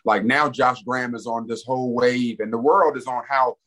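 A man co-hosting a casual sports podcast, talking in an animated, emphatic way and repeating his catchphrases. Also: medium pitch, normal speed. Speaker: podcast co-host.

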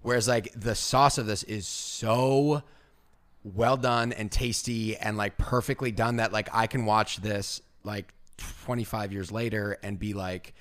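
A young man with a lowish voice hosts a podcast in casual chat. He rambles through his points and strings them together with "like" after "like.". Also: steady tone, measured pace, a bit bright. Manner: rambling, fills every phrase with "like". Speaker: podcast host.

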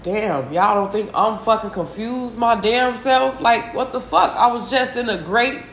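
A distressed, tearful woman hosting a solo confessional podcast, venting slowly and heavily with sighs and a lot of swearing. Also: fairly low pitch, reverberant, a little hiss or hum. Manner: slow, heavy, profane venting with sighs. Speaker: podcast host.

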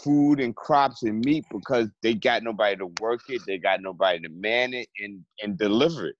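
A man's voice: on the low side, normal speed. A man in casual conversation who tells a story with energy and acts out both sides of an argument. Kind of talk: casual chat. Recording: slightly dull, faint background noise.

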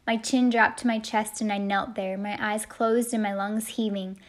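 A woman's voice: mid-range voice, level tone, normal speed. A woman narrating a first-person audiobook in a heartfelt storytelling manner. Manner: heartfelt storytelling, shouting the quoted lines.

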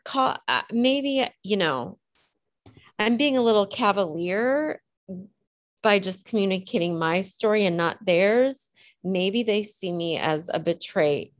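A woman being interviewed, telling a personal story in a reflective, hesitant way, choosing her words with care. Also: mid-range voice. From Illinois. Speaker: interview guest.

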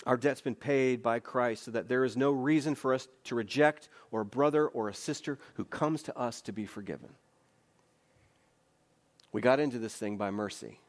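A man preaching a sermon as pastor, earnest and emphatic, with repeated phrases and conversational rhetorical questions. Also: medium pitch.

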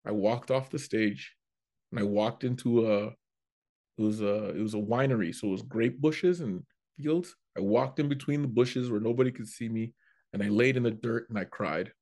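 A man, a comedian, telling a story in a casual chat, animated and prone to restarting his sentences. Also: medium pitch, moderate pace. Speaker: comedian guest.

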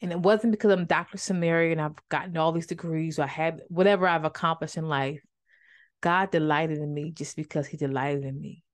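A woman with a somewhat low voice teaches from the Bible in a relaxed, chatty podcast style and keeps calling her listeners y'all. She talks with heartfelt emotion, holding back tears of joy. Her voice sounds dry and close, with no room echo. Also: brisk. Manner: conversational, addresses listeners as y'all. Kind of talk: casual devotional teaching. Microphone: microphone with a faulty cord.

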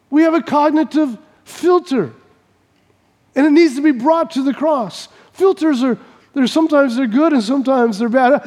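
A male pastor preaches in a loose, joking, conversational way, stumbling and restarting as he goes. His voice sits very high for a man. A long reverb from a large church hall trails after each line. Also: a little mellow. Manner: conversational, stammering, humorous. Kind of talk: sermon.

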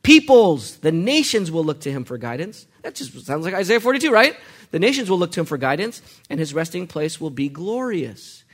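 A man's voice: fairly high pitch, big pitch swings, fairly quick. A man preaching a sermon, asking the congregation questions as he goes and letting them call out the answers. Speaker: pastor.

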